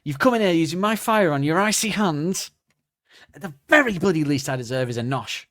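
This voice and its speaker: A man's voice: fairly high pitch, animated, a little fast, fairly bright tone, pitched above the performer's own voice. A man doing a whiny, sleazy creep. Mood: indignant. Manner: whiny, self-pitying rant. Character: sleazy resentful man scolding a woman guest.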